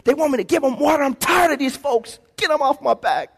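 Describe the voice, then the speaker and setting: A man's voice: very high-pitched, animated, a little fast, vocal fry, voice pushed up, heavily acted. A man voicing a fed-up male prophet complaining to God during a sermon. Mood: exasperated. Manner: exasperated, raised complaining voice.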